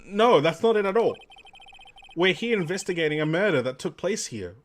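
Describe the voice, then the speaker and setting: A hesitant young male defense lawyer, read by a man who stammers and trips over his words. The voice is fairly high with a lively rise and fall. It is game dialogue read aloud. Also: normal speed, slight background noise. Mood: flustered.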